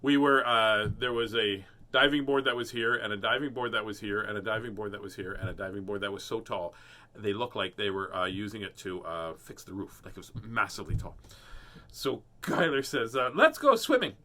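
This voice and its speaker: A man's voice: on the low side, fairly even intonation, brisk, sharp tone. A man hosting a casual children's book read-aloud, playful and jokey, laughing often and chatting between pages. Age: adult parent. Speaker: host reading children's books.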